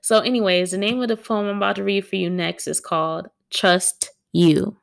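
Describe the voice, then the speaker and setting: Woman poet, home setting, gravelly voice, dramatic reader who chats between poems. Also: mid-range voice, fairly even intonation, normal speed, hardly any pauses. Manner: dramatic, laughs at herself, talks straight to listeners. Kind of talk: reading her own poems and chatting. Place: at home with a dog on a wooden floor.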